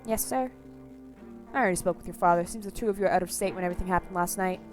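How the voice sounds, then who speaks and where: A woman's voice: lowish voice, steady tone, rapid-fire, soft background music, natural voice. A woman voicing a curt male police officer who speaks in a brusque, clipped way.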